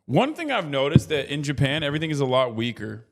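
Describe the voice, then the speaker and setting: A man streaming casual commentary, talking in an animated, profane way that keeps breaking into loud mocking rants. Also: medium pitch, fast. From United States. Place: traveling in Japan.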